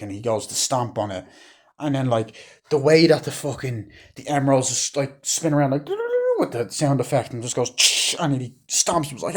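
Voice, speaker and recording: A man giving a casual movie review, rambling excitedly, swearing often and retelling scenes. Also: medium pitch, normal speed.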